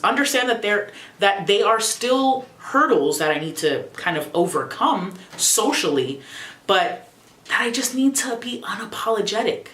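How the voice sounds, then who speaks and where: A young adult woman vlogging casually at home, expressive, profane and sassy. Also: mid-range voice, measured pace, echoey room. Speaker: YouTuber. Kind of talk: casual reflective vlog.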